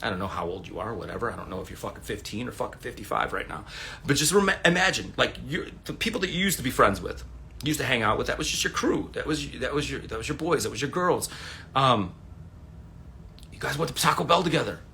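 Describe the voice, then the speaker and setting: Talking fast in a creaky, mid-range voice, he tells rambling, swear-filled stories with plenty of animation. He's in his forties, livestreaming casually at home via phone, and a little hiss or hum sits under the audio.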